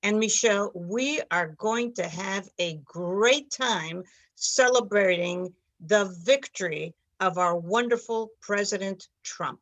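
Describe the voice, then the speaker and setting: A woman's voice: mid-range voice, takes it slowly, a bit bright. Woman hosting a talk show, really emphatic, repeats words to drive the point home. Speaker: host.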